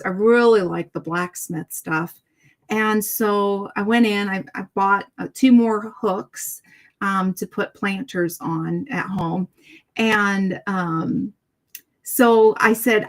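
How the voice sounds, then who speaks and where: A middle-aged woman hosts a relaxed talk show, spinning a story in a chatty, animated way. She acts out each exchange by shifting her tone for the different people in it. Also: mid-range voice, unhurried. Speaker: host. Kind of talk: casual storytelling chat.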